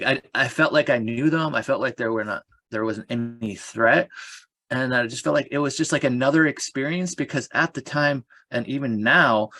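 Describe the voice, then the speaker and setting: A man's voice: medium pitch, fairly bright tone, no echo. A man who is a guest on a spiritual talk. He tells a rambling, casual story full of fillers and restarts.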